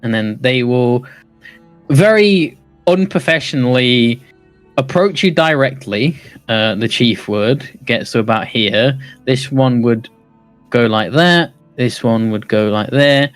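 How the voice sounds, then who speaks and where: A man's voice: medium pitch, takes it slowly, fairly bright tone, no room sound, faint music behind. Man narrating as game master, laughing often. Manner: laughing, rambling narration with many restarts.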